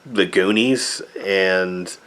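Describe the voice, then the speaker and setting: Lower-voiced man rambling a sarcastic movie review. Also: extremely slow, fairly bright tone.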